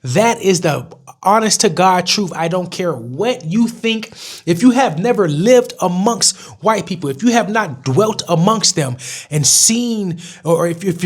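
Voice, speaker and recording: A young man ranting bluntly to camera in a casual vlog, swearing freely. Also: high voice. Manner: blunt and profane, with mocking put-on voices. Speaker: vlogger. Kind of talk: casual opinion rant to camera.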